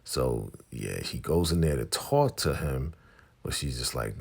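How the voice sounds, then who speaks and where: A man hosting a casual TV episode recap, retelling scenes in an animated, chatty way. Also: very deep voice, slow, vocal fry, husky. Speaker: TV recap host.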